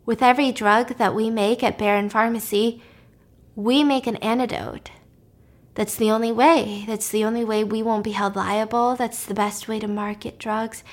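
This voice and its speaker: A woman casually retelling the plot of a drama, animated and dropping to a whisper at tense moments. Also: fairly high pitch, moderate pace. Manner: animated, drops to a whisper for suspense. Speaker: storyteller recapping a drama. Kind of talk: casual storytelling recap.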